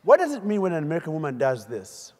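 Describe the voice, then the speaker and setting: A middle-aged man from Uganda, giving an animated, storytelling keynote speech on a stage mic in a large conference hall and quizzing the audience. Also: a little high, fast talker. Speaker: keynote speaker. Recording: echoey hall.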